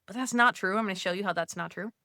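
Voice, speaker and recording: A woman's voice: medium pitch, racing, no echo, clean studio sound. A woman coaching Catholic mothers in a casual, conversational way, often saying "like" as she walks listeners through steps. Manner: conversational, frequent "like", gently coaching. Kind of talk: casual teaching talk.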